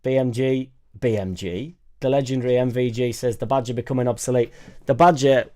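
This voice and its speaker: A man's voice: medium pitch, level tone, quick pace, dark tone, clean tone. A man hosting a casual live stream from a home studio, chatting in a rambling, jokey way and reading out viewer comments. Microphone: suspended studio microphone.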